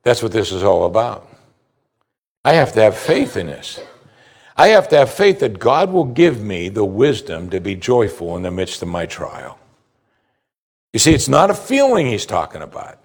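A man preaching a sermon as pastor, animated, acting out the voices he quotes. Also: fairly low pitch. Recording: hall reverb.

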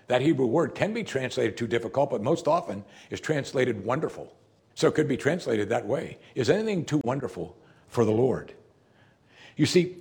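A man's voice: mid-range voice, a little mellow. A man preaching a sermon, reading scripture aloud and explaining it in a conversational way, asking questions and answering them himself. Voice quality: very husky, gravelly.

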